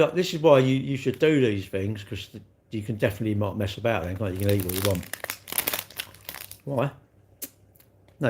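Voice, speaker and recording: A man's voice: fairly low pitch, a little mellow, a little hiss or hum. An older man, chatting casually on a live stream, blunt and teasing as he answers comments. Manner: blunt, teasing banter with chat. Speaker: livestreamer.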